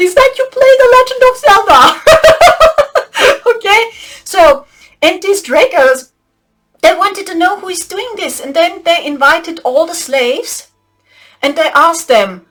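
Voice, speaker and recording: A woman hosting a spiritual channel, telling a story with frequent laughter and excitable, whispered asides. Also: extremely high pitch, measured pace, pauses often.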